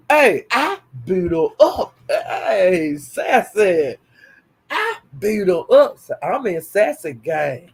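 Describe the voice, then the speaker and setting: A man giving animated, profane livestream commentary, repeating phrases for emphasis. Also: sits high, slow pace, husky. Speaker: online commentator.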